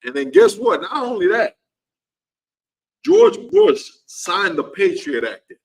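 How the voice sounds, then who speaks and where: A man's voice: high voice, huge pitch swings, slow pace, husky, poor audio. A man teaching a class in an impassioned preaching style, heated and repetitive, his voice leaping upward when he gets worked up.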